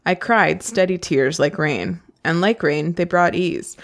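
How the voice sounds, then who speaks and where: Lady podcast host reading a book out loud, kinda low voice, gets all gushy in between. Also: measured pace. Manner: gushing, excitable asides. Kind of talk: reading a novel aloud with chatty asides.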